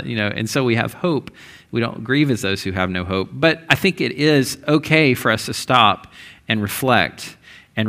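A man's voice: lowish voice, sharp tone. A male pastor giving a conversational sermon, with frequent restarts and rising, emphatic stretches.

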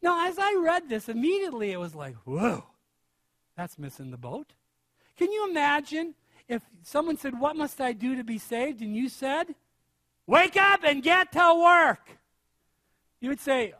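Middle-aged man, high-pitched pastor, emphatic sermon delivery, dry close sound. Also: no echo. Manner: emphatic, swings from hushed to loud stress. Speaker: preacher.

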